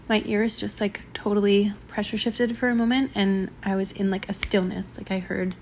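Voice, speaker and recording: A woman's voice: mid-range voice, fairly even intonation, darkish tone. Woman reading out a spiritual channeling thing, lots of ums and likes, kinda shaky voice, a bit of hiss behind. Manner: halting, full of ums and likes, trips over words. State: slightly shaky voice. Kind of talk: reading and commenting on a channeled transmission.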